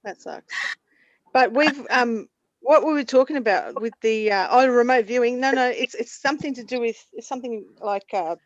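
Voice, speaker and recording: A woman's voice: a little high, normal speed, no echo, muffled recording. Laughing woman on a dry video call. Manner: laughs often, animated storytelling. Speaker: guest. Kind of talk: casual video call chat.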